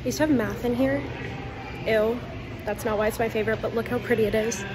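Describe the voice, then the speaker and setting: A woman's voice: fairly high pitch, fairly even intonation, quick pace, background noise. A young woman talking casually to the camera in a vlog, chatty and candid, with lots of "like" fillers. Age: young adult. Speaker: vlogger.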